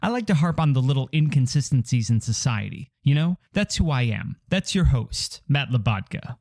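A man's voice: mid-range voice, lively intonation, moderate pace, a little mellow. A man hosting a comedy podcast, ranting in a grumbling, exasperated and wry way. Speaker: podcast host. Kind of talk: comic rant.

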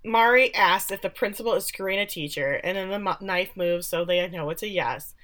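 A woman's voice: mid-range voice, brisk, a bit bright. A woman casually recapping a TV episode. She talks loosely, swears freely and briefly mimics characters when quoting them.

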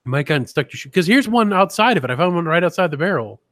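A man's voice: on the high side, animated, rapid-fire, fairly bright tone, no room sound, studio quality, voice pushed up. A man voicing bumbling male workers who count seeds in hell, fussing and squabbling in a raised voice.

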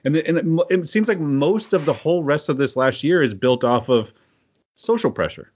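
A man's voice: on the high side, animated, moderate pace, a little mellow, breathy edge. A man co-hosting a podcast, chiming in casually with chuckles and agreement. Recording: dull lo-fi audio, somewhat off-mic.

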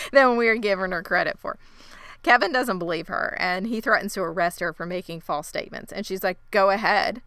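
A woman's bright, crisp voice, recorded close and dry, recaps a TV episode. She chats loosely and reacts quickly to her co-host. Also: mid-range voice, dry recording. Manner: chatty, quick reactions, laughs along. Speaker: podcast co-host. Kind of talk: casual episode recap chat.

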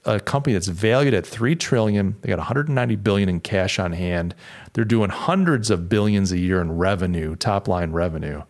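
A man hosting a podcast, giving opinionated political commentary in an emphatic way, with sarcastic asides. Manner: emphatic, animated, pitch jumps up for emphasis. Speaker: podcast host.

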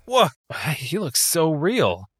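A man's voice: a little high, huge pitch swings, slow pace, noisy background. A young man in casual comedic role-play, playful, hesitant and easily flustered.

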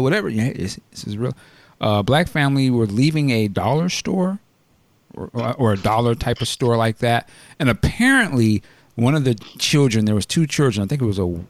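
Podcast host guy, lively up and down voice, dry close sound, tells stories animated. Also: medium pitch, no room sound. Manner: animated storytelling, acts out quoted shouting. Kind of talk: casual podcast chat.

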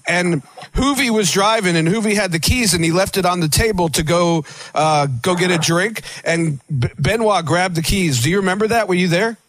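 High-voiced man telling stories. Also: normal speed, few pauses, a bit bright, no room sound. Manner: rambling storyteller with many restarts. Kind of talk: casual wrestling interview talk.

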